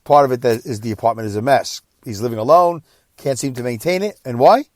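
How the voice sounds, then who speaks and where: A tired, exhausted man hosting a podcast, telling a personal story in a rambling, emotional way that swings between quiet and loud. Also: mid-range voice, fairly quick, no echo, clean studio sound. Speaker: podcast host.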